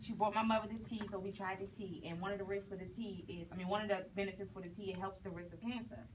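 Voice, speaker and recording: A woman's voice: medium pitch, fairly even intonation, fast. A woman giving an earnest testimonial to a group. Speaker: testimonial speaker. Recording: distant mic, crowd and noise behind.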